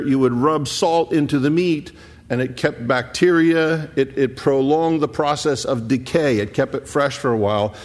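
A man preaching a sermon, explaining scripture conversationally and stressing key words with slow, emphatic pauses. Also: on the high side. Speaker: pastor.

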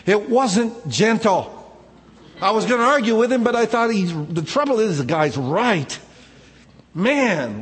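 A man's voice: sits high, a bit bright, slightly rough, big-room sound. A male pastor preaching a conversational sermon, telling personal stories in a casual, informal way. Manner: informal, personal storytelling, frequent "man" asides.

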